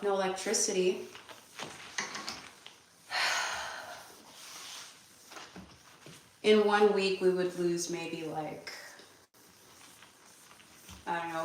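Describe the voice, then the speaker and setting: A young woman with a Californian accent chatting casually while she cleans her bathroom, rambling and answering viewer questions out loud. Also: fairly low pitch, steady tone, slow pace, long pauses, recorded from a distance, slight background noise. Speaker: vlogger. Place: bathroom at home. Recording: echoey bathroom, voice from afar.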